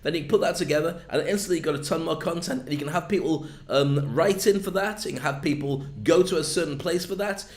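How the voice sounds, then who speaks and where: A man's voice: fairly high pitch, reverberant. A man with a northern English accent, giving a chatty, jokey video lesson on content marketing. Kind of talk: casual video lesson to camera.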